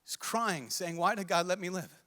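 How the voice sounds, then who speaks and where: Earnest high-voiced priest preaching in a hall. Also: male voice, expressive, normal speed, pushed and bright. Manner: earnest, pleading, repeats himself. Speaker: priest giving a youth conference talk. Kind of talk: emotional sermon to a large crowd. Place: large conference hall. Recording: long hall reverb.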